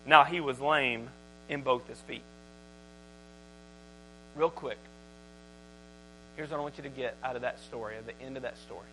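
A man preaching a sermon as pastor, shifting from conversational talk to loud, emphatic scripture reading. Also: medium pitch, normal speed, long pauses, faint music behind, rough recording.

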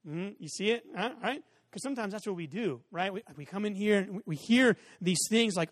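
Pastor, 40s, man with a high voice; chatty storytelling sermon, voices the back-and-forth loudly; hall reverb. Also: fairly quick, few pauses, clean studio sound. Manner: conversational storytelling, acts out exchanges in raised voices. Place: church sanctuary with a stage and audience seating.

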